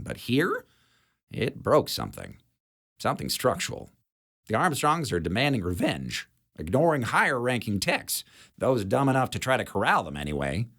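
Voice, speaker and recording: A man's voice: fairly low pitch, voice pushed up. A man voicing a blunt, jaded female security chief who smokes and talks in a dry, sardonic way.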